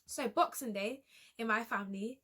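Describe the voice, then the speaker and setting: A woman's voice: fairly high pitch, a bit bright. Hesitant young woman telling a personal story. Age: young adult. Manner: hesitant, halting, with many restarts and fillers. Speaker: vlogger.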